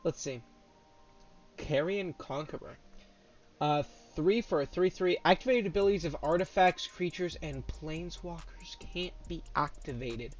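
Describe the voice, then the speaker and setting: Excitable young man reacting to card spoilers. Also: fairly high pitch, measured pace, faint music behind. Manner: excitable, swears freely, shifts between reading cards and loud reactions. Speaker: card game content creator.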